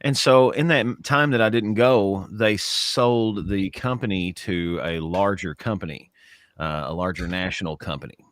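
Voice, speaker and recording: A middle-aged man co-hosts a laid-back chat show, speaking in a low voice at a moderate pace. He tells stories with lots of energy and imitates the voices of other people.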